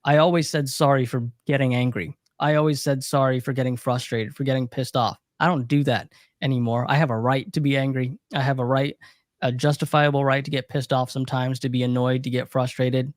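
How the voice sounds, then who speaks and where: A man's voice: mid-range voice, flat delivery, a little fast, no echo, clean studio sound. A young man co-hosting a livestream Q&A as a recovery coach, talking earnestly and reflectively with emphatic repetition. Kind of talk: casual livestream Q&A talk.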